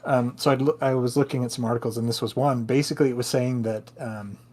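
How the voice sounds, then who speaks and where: A man's voice: mid-range voice, fairly even intonation, quick pace, a little mellow. A man co-hosting a podcast in casual chat, talking in a rambling, hesitant way. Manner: rambling, hesitant, many restarts. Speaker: podcast co-host.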